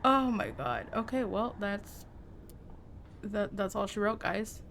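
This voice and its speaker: A woman streaming a game live, chatting excitably with her viewers as she plays. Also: mid-range voice, takes it slowly, vocal fry, slight background noise. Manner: excitable, chatty, talks to chat. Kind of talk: live gameplay commentary.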